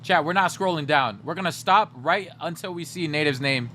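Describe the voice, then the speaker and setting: Bright-voiced joking young streamer man. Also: a little high, moderate pace, slight background noise. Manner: joking, animated, teasing. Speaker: livestream host. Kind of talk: casual livestream chat to viewers.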